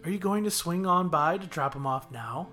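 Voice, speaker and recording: A man reading aloud and voicing a lively young woman who works the front desk at an animal shelter, teasing and bright. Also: a little high, normal speed, faint music behind, voice pushed up.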